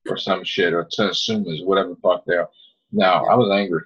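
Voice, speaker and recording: A man's voice: sits low, steady tone, a little fast, breathy edge. Profane, heated man on a lo-fi podcast. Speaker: podcast host. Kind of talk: casual podcast chat. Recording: dull lo-fi podcast audio.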